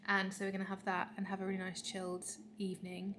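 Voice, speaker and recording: A young woman vlogging in a relaxed, chatty way, talking straight to her handheld camera with quick asides. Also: medium pitch, a little hiss or hum. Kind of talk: casual vlog chat. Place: home, then an outdoor restaurant. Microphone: handheld camera or phone.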